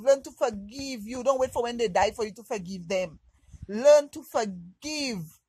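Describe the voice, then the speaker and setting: A woman vlogging a storytime with raw, heartfelt candor. Her voice sits fairly high, and the Caribbean lilt colors every phrase. The sound is close and dry, with no room echo. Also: darkish tone, slightly rough. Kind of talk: storytime vlog.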